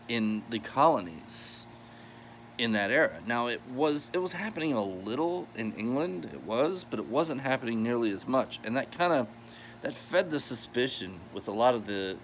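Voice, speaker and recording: A man's voice: mid-range voice, a little hiss or hum. An American man giving a casual, rambling history explainer, restarting his sentences and chuckling as he goes. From United States. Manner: chatty, rambling, self-correcting with chuckles. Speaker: history channel host.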